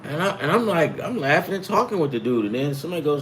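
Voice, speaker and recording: Middle-aged man, casual betting-show host, profane storyteller, very lively intonation, faint background noise. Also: a little high, fast talker. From US East Coast. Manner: profane, animated, acts out quoted voices. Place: home in California.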